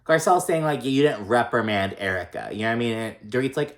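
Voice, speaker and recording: A man's voice: mid-range voice, animated, fairly quick. A man casually recapping a reality TV episode, chatty and profane, full of likes and ums, with sassy, exasperated asides.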